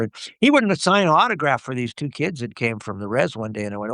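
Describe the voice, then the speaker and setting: A man's voice: fairly high pitch, sing-song, a little fast, few pauses, bright, forceful tone, no room sound, clean studio sound. An older man, a guest actor, telling rambling stories in a casual interview with many "you know"s and restarts.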